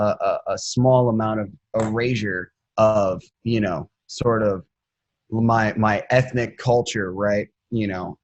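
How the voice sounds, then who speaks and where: A man hosting a casual podcast chat, speaking haltingly as he searches for the right words. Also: fairly low pitch, no echo.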